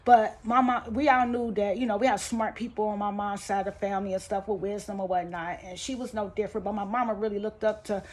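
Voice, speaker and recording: A woman telling a painful family story to her vlog audience. She speaks in a rambling, colloquial, heartfelt way, her voice rising and tightening when upset and falling soft and low when sad. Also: fairly even intonation, quick pace, hardly any pauses. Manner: rambling and heartfelt, with many restarts and fillers; colloquial, with informal grammar. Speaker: vlogger. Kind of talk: emotional personal storytelling to camera.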